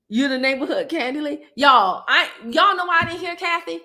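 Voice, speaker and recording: Lady chatting on a live stream, high bright voice, laughs a lot, talks right to the viewers. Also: lively intonation, brisk. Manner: chatty, laughing often, talks straight to her audience. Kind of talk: casual chat to live viewers.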